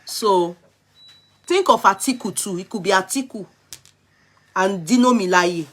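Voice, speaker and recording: A woman's voice: medium pitch, measured pace. A woman with a Yoruba-inflected Nigerian accent, chatting casually on a live stream and answering viewers' comments bluntly. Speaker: vlogger reviewing films.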